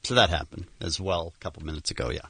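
A man hosting a radio show, bantering casually, joking and quick to laugh while defending himself. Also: low-pitched, sharp tone, slightly rough, dry recording.

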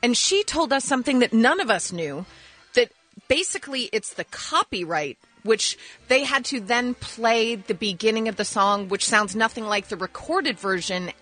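Bright, animated female radio co-host. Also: a little high, moderate pace, soft background music. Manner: dry, teasing interjections. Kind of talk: joking radio banter. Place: radio studio.

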